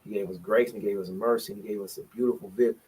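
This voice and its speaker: A man teaching a bible study on a livestream, preachy and emphatic, swinging between loud bursts and hushed words. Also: on the low side, fairly even intonation, very fast, husky.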